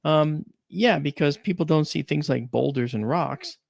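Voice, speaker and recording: A man's voice: a little high, lively intonation, unhurried, vocal fry, no room sound, studio quality. A man hosting a talk show, chatting casually and telling rambling, emphatic stories. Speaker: radio show host. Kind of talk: casual storytelling chat.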